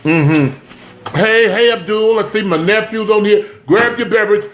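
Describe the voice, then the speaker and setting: A man's voice: high voice, unhurried. A man hosting a casual home livestream, chatting with viewers, greeting them by name and urging them to share. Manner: chatty, shouts out viewers, urges sharing. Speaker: livestream host. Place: home, indoors.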